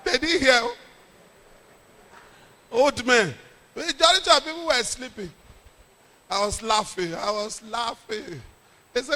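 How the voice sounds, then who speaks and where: A middle-aged Nigerian man, a pastor, telling a lively story in a sermon with jokes and pidgin. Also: extremely high pitch, measured pace, pauses often, in a large hall.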